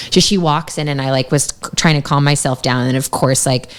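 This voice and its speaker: A woman's voice: rumbling low, fairly even intonation, fast, few pauses, clean tone. A young woman telling stories in a chatty way, with lots of fillers, as a guest in a podcast studio. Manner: chatty storytelling, many fillers. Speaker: yoga teacher and guest. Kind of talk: casual podcast interview.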